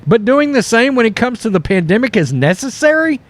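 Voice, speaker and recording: A man hosting political commentary over news clips, animated and mocking, often mimicking the people he quotes. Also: very high-pitched, brisk, dry recording. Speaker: commentary host.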